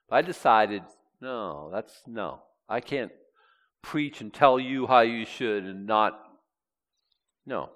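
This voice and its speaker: A man preaching a sermon, reading scripture aloud and swinging between loud and hushed delivery. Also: medium pitch, expressive, slow pace.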